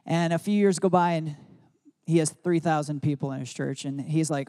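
A man's voice: on the high side, steady tone, moderate pace, mellow. A man preaching a sermon to his congregation as their pastor, telling stories in a conversational way with frequent "like". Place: church service.

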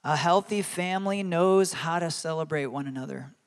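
A man's voice: a little high, normal speed. A man in his thirties preaching a sermon as a pastor, earnest and conversational, laughing at his own stories.

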